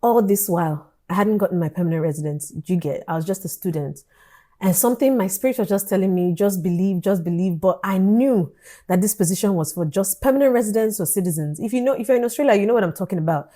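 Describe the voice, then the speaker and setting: A woman, telling a personal story in an animated vlog style and acting out the dialogue. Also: mid-range voice, quick pace. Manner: animated storytelling, acts out dialogue, laughs often. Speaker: vlogger.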